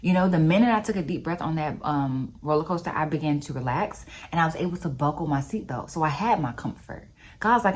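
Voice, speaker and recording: A woman talking casually about faith, telling personal stories in an animated, conversational way. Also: deep voice, brisk. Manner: animated storyteller, expressive and conversational. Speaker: vlogger.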